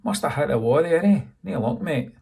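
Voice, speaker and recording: A man voicing a big male bouncer who makes calm, mocking threats. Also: fairly high pitch, normal speed, creaky, recorded from a distance, pitched above the performer's own voice.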